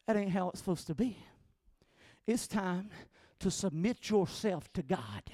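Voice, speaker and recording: Southern preacher guy, really high voice, dry close sound, keeps asking amen and building up to shouts. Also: expressive, unhurried, no room sound. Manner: emphatic, calls for amens, rising to shouts. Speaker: pastor. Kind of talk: sermon.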